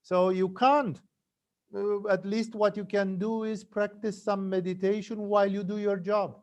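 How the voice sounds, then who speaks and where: A man's voice: sits high, level tone, moderate pace, darkish tone. A man teaching yoga, telling stories in a conversational spiritual talk with frequent tag questions.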